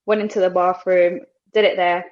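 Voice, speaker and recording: Young woman, British English accent, from Colombia, podcast guest, animated storytelling, acts out voices, muffled lo-fi sound. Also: lowish voice, moderate pace. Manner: animated, acts out other people's lines; slips Spanish phrases into English. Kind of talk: casual storytelling.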